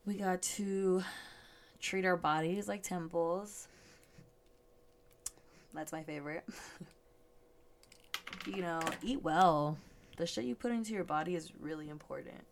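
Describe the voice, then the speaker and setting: A woman's voice: fairly low pitch, measured pace, long pauses, slight background noise. A young woman hosting a casual solo podcast, swearing freely and laughing often, a little stuffy and yawning. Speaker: podcast host.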